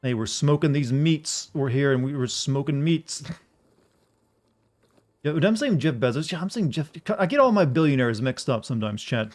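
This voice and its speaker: A man streaming a video game, chatting casually to his viewers in a flat, deadpan way. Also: medium pitch, normal speed. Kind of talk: casual live-stream commentary.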